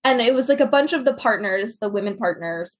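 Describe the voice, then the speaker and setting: A woman from Florida chatting on a podcast, laughing often as she tells stories with quick asides. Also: fairly high pitch, animated. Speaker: podcast guest. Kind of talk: casual chat.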